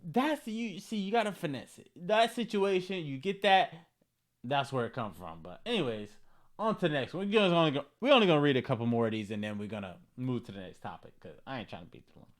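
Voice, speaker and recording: A man hosting a comedy vlog, reading viewer comments aloud and reacting in slangy, animated commentary with bursts of mock outrage. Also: on the high side, brisk.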